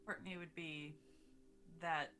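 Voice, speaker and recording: Low-voiced woman player, dry and pointed. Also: fairly even intonation, slow pace, pushed and bright. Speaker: tabletop role-playing player. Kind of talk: in-character role-play banter.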